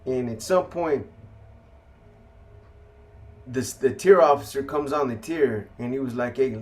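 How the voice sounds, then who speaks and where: A man's voice: medium pitch, measured pace. A man telling his own story to viewers in blunt street slang with heavy swearing.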